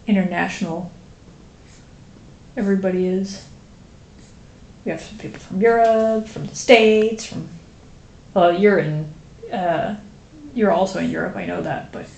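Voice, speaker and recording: A woman with a Dutch accent chats with viewers during a live stream and rambles through plenty of fillers. Her voice is slow and slightly low. The room gives her voice an echo, with faint noise underneath. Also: gravelly, a little mellow. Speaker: streamer drawing a graphic novel. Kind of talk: casual live-stream chat.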